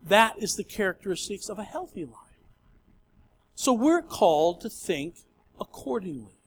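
A man's voice: high voice, sing-song, normal speed, breathy edge. A male pastor preaching a sermon in a conversational storytelling way.

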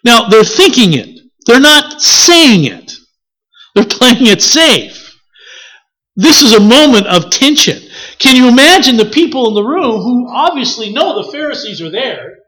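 A preacher delivering a sermon in an expressive style, asking the congregation questions and correcting themselves as they go. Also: medium pitch, a little slow, breathy edge. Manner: corrects themselves mid-sentence.

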